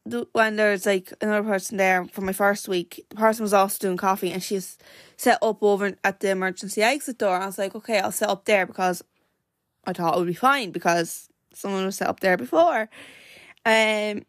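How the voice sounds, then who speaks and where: A woman's voice: medium pitch, fairly even intonation, fairly quick, no room sound, studio quality. Chatty Irish woman telling a story. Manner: rambling, full of "like" and self-corrections. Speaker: podcast host.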